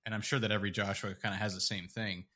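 Male podcast co-host, low-ish bright voice, rambling and laughing. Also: flat delivery, fast. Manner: rambling, laughs often, many fillers and restarts. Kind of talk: casual chat.

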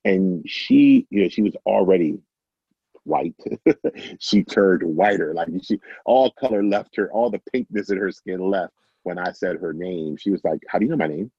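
A middle-aged man casually telling a personal story, animated and self-amused, acting out the dialogue. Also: deep voice, a little slow, slightly rough, no room sound, highs cut off. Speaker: guest storyteller.

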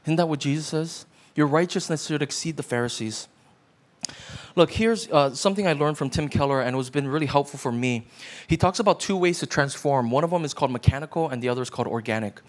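Animated higher-voiced male pastor preaching. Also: quick pace. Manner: conversational preaching with frequent "right?" asides. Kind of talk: sermon.

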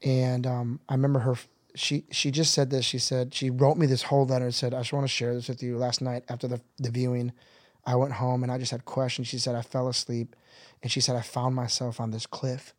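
A middle-aged man telling a personal story in conversation, earnest, and he rises into excited bursts with laughter. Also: mid-range voice, fairly quick, no echo, clean studio sound. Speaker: guest.

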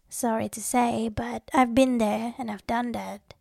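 A woman's voice: fairly high pitch, unhurried, vocal fry, hardly any pauses, darkish tone, no echo, studio quality. A young woman talking casually to her viewers, chatty and giggly, often acting out little scenes. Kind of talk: casual personal talk to viewers.

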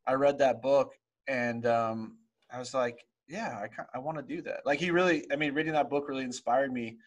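A man hosting a podcast, asking relaxed, reflective questions in a casual interview. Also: medium pitch, moderate pace, lo-fi sound. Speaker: podcast host.

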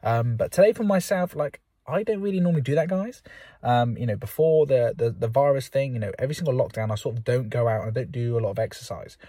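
A young man talks quickly and a little huskily, recording a casual solo podcast from inside a car. His pep talk rambles along, full of fillers, and he is still slightly out of breath from sport. The sound is close and dry. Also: medium pitch, dark tone, no echo. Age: young adult. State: slightly out of breath after football. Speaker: podcast host.

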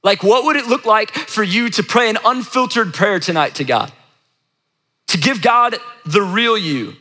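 Brief: conversational male preacher, bright voice, long reverb of a large hall. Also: high-pitched, lively intonation, a little slow. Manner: conversational, emphatic repetition. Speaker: pastor. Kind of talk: sermon.

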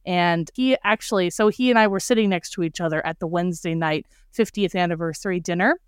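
A woman's voice: fairly low pitch, fairly quick, clean tone, no echo, clean studio sound. A woman hosting a podcast in a casual, effusive way, gushing with thanks and laughing easily. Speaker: podcast host.

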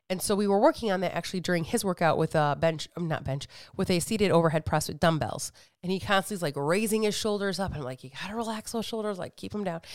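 Candid, smooth-voiced woman podcaster. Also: on the low side, dry recording, clean studio sound. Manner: candid, animated storytelling with frequent swearing and acted-out quotes. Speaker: fitness coach and podcast host. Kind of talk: casual monologue podcast.

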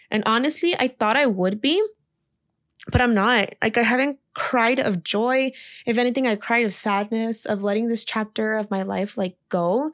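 A woman's voice: fairly high pitch, normal speed. A young woman, a teacher, casually telling a personal story in a chatty way, full of "like" and quoted speech. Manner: chatty, heavy use of "like", emotional retelling. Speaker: teacher leaving her job.

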